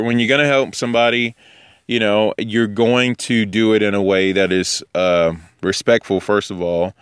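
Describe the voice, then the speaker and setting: A man's voice: lowish voice, a bit bright, smooth, no echo, studio quality. A man giving an informal, digressive Bible teaching in a conversational way, sometimes acting out what other people would say. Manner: conversational, digressive, acts out quoted speakers.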